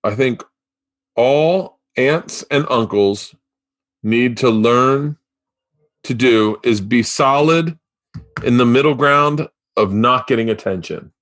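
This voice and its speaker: A male podcast host talking off the cuff in a rambling, excitable way, with plenty of profanity. His voice sits at an everyday middle pitch. It is recorded close and dry, with no room sound around it. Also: takes it slowly, no room sound. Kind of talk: casual chat.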